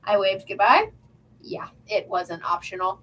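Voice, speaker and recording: A woman's voice: mid-range voice, animated, a little slow, a bit bright, lo-fi sound. A woman hosting a book club who reads a novel aloud and chats and laughs about the story between passages. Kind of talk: reading a novel aloud with casual commentary.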